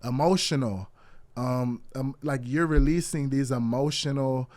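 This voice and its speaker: A man's voice: mid-range voice, measured pace, a little mellow. A young man in his twenties, a wrestling coach telling stories in a casual interview, acting out quoted dialogue with lots of "like" fillers.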